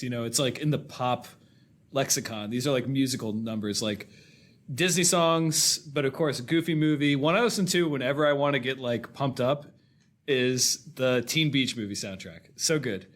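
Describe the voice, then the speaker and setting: A man's voice: medium pitch, a bit bright. A man co-hosting a film podcast, chatting casually and rambling a little, correcting himself as he goes. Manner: rambling, self-correcting, enthusiastic about film scores. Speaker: podcast co-host. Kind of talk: casual chat.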